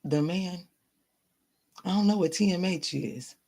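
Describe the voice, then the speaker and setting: A woman's voice: fairly low pitch, unhurried, warm tone. A woman reading tarot for viewers in a loose, conversational way. She is blunt and swears freely, calls everyone baby or honey, and says her key lines twice for weight. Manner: emphatic, repeats lines for stress. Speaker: tarot reader. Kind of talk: casual live-stream reading, answering viewers.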